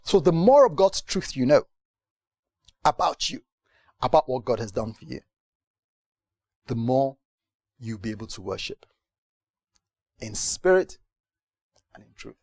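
Animated man preaching a sermon. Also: mid-range voice, unhurried, long pauses, dry recording, clean studio sound. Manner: animated, swings from hushed to loud with rhetorical questions. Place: church gathering.

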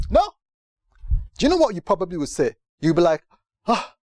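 A man preaching a sermon to a gathering, animated, moving from hushed tones to loud emphatic questions. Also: high voice, moderate pace, long pauses, dry recording, studio quality. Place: church gathering.

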